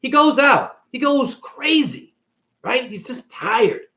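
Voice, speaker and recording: A man with a fairly high voice rants casually about a film. He swears freely and jumps into little acted bits of each character. His pitch swings widely from line to line. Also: slow pace. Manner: profane, animated, acts out characters. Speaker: spiritual video creator. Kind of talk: casual rant retelling a movie.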